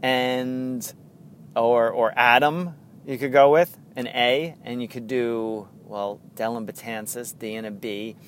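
A man hosting a solo sports podcast in an eager, rambling way, chuckling often and tripping over his restarts. His voice sits at an ordinary middle pitch, with a faint rumble of a vehicle behind him. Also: fairly even intonation, slow pace. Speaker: podcast host.

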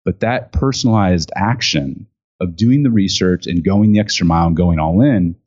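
As a guest in an interview, a man who speaks and writes on gifting recounts a story animatedly in a low-pitched voice. He voices what others said and fills his speech with fillers and restarts, while the audio sounds dull and lo-fi.

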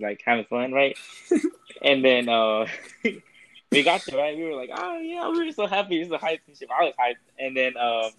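A man's voice: mid-range voice, fairly bright tone, dry recording, rough recording. Giggly young man telling a story. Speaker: guest. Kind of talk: casual storytelling.

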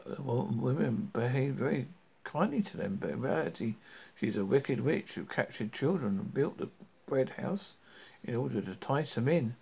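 A man reading a fairy tale aloud, halting and often stumbling over words, on a dull lo-fi recording. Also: mid-range voice, vocal fry, a little mellow, slightly rough. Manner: halting, with frequent stumbles and restarts. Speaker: storybook reader.

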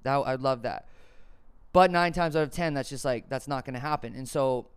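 A man in his thirties hosting a solo podcast, talking in a rambling, profane, animated way. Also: medium pitch, moderate pace, smooth, no echo. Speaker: podcast host. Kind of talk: casual solo podcast monologue.

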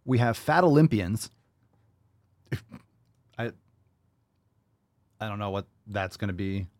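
A man's voice: fairly low pitch, animated, slow, a little mellow, no echo. A man hosting a podcast and giving blunt, mocking commentary. He swears freely and fires off rhetorical questions. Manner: brash, profane, mocking. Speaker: host.

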